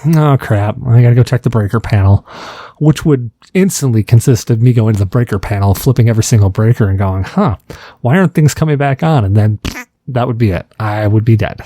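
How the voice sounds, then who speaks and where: A man hosting a casual podcast chat, telling jokey stories in an animated way. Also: mid-range voice, fairly quick, dry recording, studio quality. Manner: animated, joking storyteller. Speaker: podcast host.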